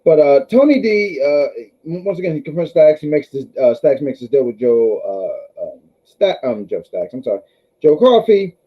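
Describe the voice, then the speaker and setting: A man's voice: fairly high pitch, very animated, moderate pace, highs cut off. A man hosting a casual wrestling review stream, rambling with restarts and talking to his live chat.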